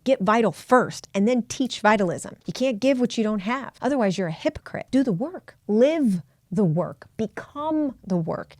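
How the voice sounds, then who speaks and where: A woman's voice: medium pitch, no room sound, studio quality. A woman chiropractor hosting a podcast, delivering an emphatic, preachy motivational talk full of repeated commands.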